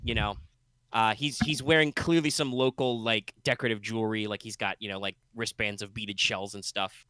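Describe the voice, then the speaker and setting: A man's voice: fairly low pitch, fairly even intonation, moderate pace, bright, forceful tone, clean tone, no echo. A man running a tabletop game as game master, narrating loosely with plenty of fillers and restarts. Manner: rambling, many fillers and restarts.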